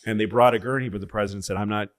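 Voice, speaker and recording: Man, low voice, podcast co-host, rambling storytelling, profane, casual. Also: racing. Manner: rambling, profane, with bursts of loud excited laughing impressions.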